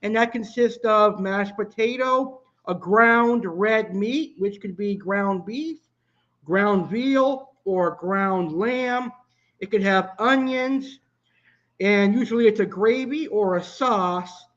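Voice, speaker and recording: A man's voice: sits high, slow pace, a bit bright, highs cut off. A man hosting a live cooking stream, chatting casually and answering viewer comments. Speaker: live cooking show host.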